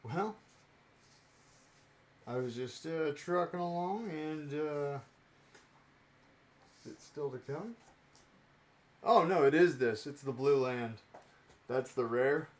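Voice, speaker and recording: A man's voice: fairly high pitch, takes it slowly, long pauses. A young man chatting casually on his live stream as he opens card packs, rambling and joking about himself.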